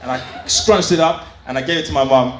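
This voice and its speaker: A man's voice: medium pitch, a little fast, a bit bright, slight background noise. A man doing open mic stand-up in a small comedy club, telling crude stories in a chatty way full of fillers. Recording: roomy club sound, faint ambience.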